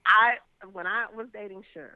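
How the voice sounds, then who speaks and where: A woman guest telling candid stories with a blunt, lively manner, often laughing, heard over a phone call. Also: mid-range voice, normal speed. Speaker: interview guest. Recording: tinny phone line.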